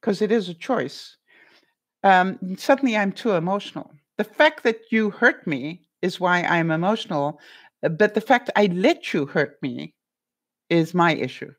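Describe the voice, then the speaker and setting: A middle-aged woman hosting a casual livestream, talking to her viewers and reading their comments, animated and full of fillers and rhetorical questions. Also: lowish voice, a little slow.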